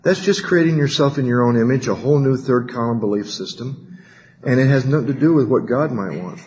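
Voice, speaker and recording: A man's voice: brisk, a little mellow. A man from California speaking at a recovery workshop, telling stories and acting out quoted voices. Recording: dull low-fidelity recording, faint hiss.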